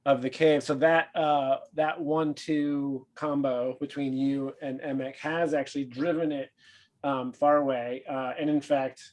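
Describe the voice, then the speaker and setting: A man running a tabletop game as game master, describing the scene in a relaxed way. He pauses a lot and fills the gaps with ums and likes. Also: mid-range voice. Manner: hesitant, many fillers, relaxed narration.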